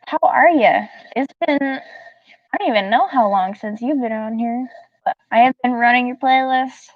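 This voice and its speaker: Her voice is a little high and moves at a moderate pace, with no echo as this giggly, talkative streamer from the American South says hello to her chat. The mic sounds dull and dry and is placed a bit far away.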